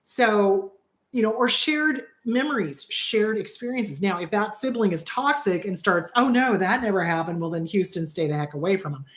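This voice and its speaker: A woman therapist hosts a relaxed advice show and talks to viewers in a chatty, direct way. She often repeats words for emphasis. Her voice is mid-pitched and sounds a little worn out. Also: normal speed. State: slightly worn-out voice. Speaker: therapist host answering viewer questions. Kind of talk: casual live advice talk.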